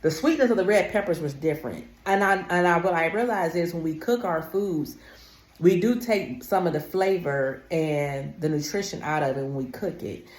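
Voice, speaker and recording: A woman's voice: fairly low pitch, normal speed, reverberant. A woman vlogger talking casually and emphatically to her viewers, calling them honey. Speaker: wellness vlogger. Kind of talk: casual talk to camera.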